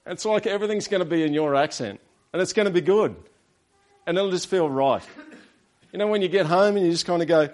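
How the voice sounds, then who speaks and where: A man with an Australian accent preaching a sermon, talking to his congregation in a relaxed way and dropping in quick rhetorical questions. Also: high-pitched. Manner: conversational, with rhetorical tag questions. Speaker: pastor.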